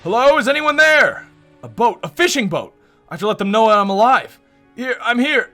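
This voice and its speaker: A frantic young woman on the run, as a man puts her on shouts in a high, strained voice. Her tone is bright and sharp, every cry urgent and breathless. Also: lively intonation, brisk, soft background music, full character voice. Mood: desperate. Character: desperate young woman fleeing captors.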